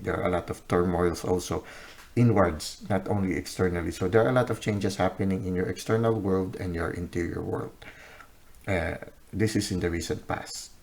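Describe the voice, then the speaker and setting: Deep-voiced man giving a tarot reading. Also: gravelly, a little mellow. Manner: unhurried, many "uh" pauses, often ends with "no?" or "okay?". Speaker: tarot reader. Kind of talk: unscripted tarot reading to camera.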